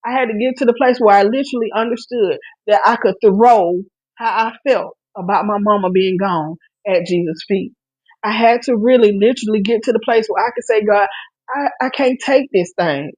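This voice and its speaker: Medium in pitch, this woman talks fairly quickly with a darkish, breathy-edged tone, in a rough recording with no room sound. On her live-stream podcast she gives an earnest preaching testimony on faith and grief, restarting many times while speaking straight to her listeners with encouragement.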